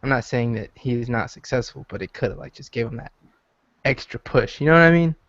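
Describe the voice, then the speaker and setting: A young man chats on a podcast, circling his point with fillers and restarts. The sound is dry and close, a little dull and lo-fi, and his voice sits at an ordinary pitch for a man. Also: fairly quick, a bit bright, no echo. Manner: hesitant, rambling with many fillers. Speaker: podcast co-host. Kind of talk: casual chat.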